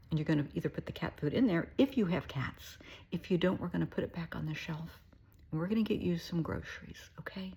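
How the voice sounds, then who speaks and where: A middle-aged woman with a low, gravelly, very husky voice gives a heartfelt, folksy monologue. She often sinks into a soft, breathy near-whisper while telling her story. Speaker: therapist.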